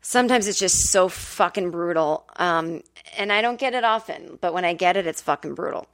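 A woman's voice: normal speed, hardly any pauses, fairly bright tone. A woman hosting a comedy podcast, telling a candid personal story at home and swearing freely. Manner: candid, chatty, swears freely, acts out quotes in a high whiny voice. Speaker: podcast host. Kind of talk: casual storytelling monologue. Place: temporary home in Brooklyn.

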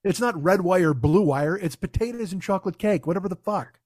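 A man's voice: high voice, brisk, a little mellow, no echo, studio quality. A man hosting a podcast, ranting in a casual, comic, profane and exasperated way. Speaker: podcast host. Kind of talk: casual comedic rant.

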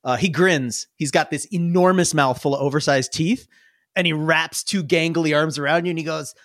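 A man's voice: a little high, fairly even intonation, moderate pace, a bit bright, no room sound, clean studio sound. A man narrating a tabletop game as game master, rambling and amused. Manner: rambling, amused, with many restarts.

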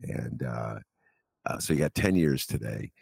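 A man hosting a political talk radio show, animated and incredulous as he chats with his guest. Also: a bass voice, a little slow, creaky, husky, no echo.

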